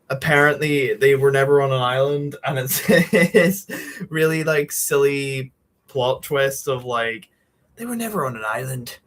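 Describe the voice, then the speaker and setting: A young man streaming from home at night, chatting casually and meandering with lots of fillers and casual swearing while he draws a comic. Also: fairly high pitch. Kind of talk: casual rambling chat while drawing.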